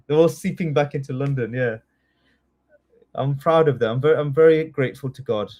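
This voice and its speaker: A man teaching a live online test-prep class, chatty and excitable, often apologizing as he goes. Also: medium pitch, brisk, muffled recording. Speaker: citizenship test tutor.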